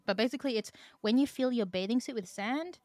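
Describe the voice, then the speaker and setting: A woman in casual chat, animated and teasing, explaining slang to friends. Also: on the high side, fast, dry recording.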